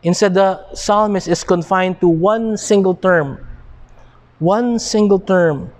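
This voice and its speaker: A man with a Filipino accent preaching a sermon, deliberate and emphatic, now and then switching into Tagalog. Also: sits high, a little mellow. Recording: long hall reverb.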